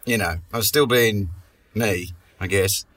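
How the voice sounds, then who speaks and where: A man's voice: on the low side, unhurried, a bit bright, recorded from a distance. A man hosting a comedy podcast, telling a long story in a rambling, sweary way and restarting his sentences often. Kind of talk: casual comic storytelling.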